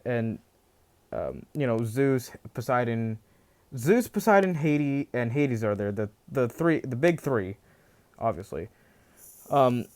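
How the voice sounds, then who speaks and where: A man's voice: mid-range voice, darkish tone, clean tone. A man casually telling a fan fiction story, rambling with many restarts and filler phrases. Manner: rambling, full of "you know" and restarts.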